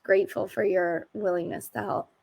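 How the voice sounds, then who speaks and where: A woman's voice: mid-range voice, steady tone, normal speed, creaky, darkish tone. A woman co-hosting a live online info session for teachers, talking in an upbeat, chatty way with many fillers. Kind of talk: casual live-stream chat.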